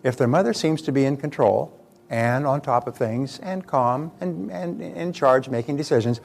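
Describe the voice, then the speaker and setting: A man's voice: medium pitch, normal speed, gravelly, soft background music. An older man giving a motivational talk in a conversational way, telling stories and repeating words as he goes. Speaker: motivational speaker.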